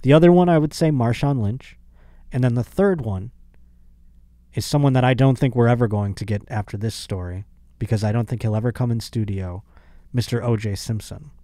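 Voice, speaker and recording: A man's voice: mid-range voice, fairly quick, dark tone, dry recording. A man hosting his podcast in a casual comedic monologue, rambling and sarcastic. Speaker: podcast host.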